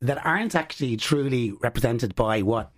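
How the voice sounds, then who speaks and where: A man's voice: medium pitch, normal speed. Give me an Irish man who chats loosely in a casual panel discussion. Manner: rambling, full of fillers. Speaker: panelist on an advice show. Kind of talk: casual radio chat.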